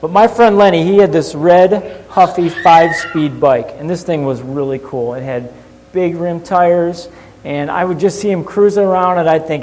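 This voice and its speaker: A male pastor preaches in an animated, storytelling way, dropping to a hush and then lifting again. His voice sits a little high, and a long reverb trails it through the hall. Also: moderate pace. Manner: animated, shifting from hushed to lively. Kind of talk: sermon storytelling.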